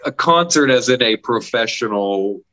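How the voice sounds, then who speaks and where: A man who is a guest on a comedy podcast, reminiscing in a relaxed, chuckling way. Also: mid-range voice. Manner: reminiscing, chuckling, slightly halting. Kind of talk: casual storytelling chat. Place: office.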